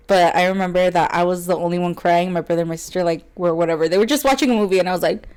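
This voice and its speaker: A young woman with a slightly low-pitched voice speaks as a podcast co-host. She tells a personal story candidly and casually, leaning on "like" as filler and laughing between phrases. She goes quieter and more earnest on the hard parts. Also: racing, smooth. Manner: chatty, heavy "like" fillers, laughs often between words; earnest and open, turning quiet on painful parts.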